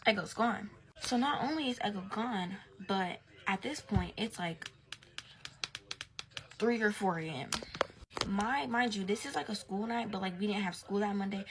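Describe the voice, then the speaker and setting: Young woman telling a slangy storytime. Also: medium pitch. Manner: slangy and profane, drops to a whisper at times. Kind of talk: casual storytime.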